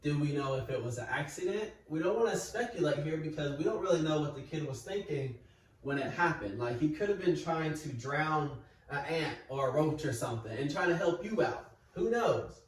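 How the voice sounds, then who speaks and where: A man explaining parenting steps in a calm, patient, step-by-step way, like a teacher at a whiteboard. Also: on the high side, normal speed. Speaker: parenting educator. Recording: echoey room, mic far off.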